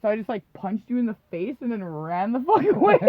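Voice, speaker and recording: A woman's voice: fairly high pitch, breathy edge, dry recording. A woman co-hosting a podcast, telling profane, rambling stories in casual chat, often laughing and acting out what people said. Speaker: podcast co-host. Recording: dull lo-fi dry recording.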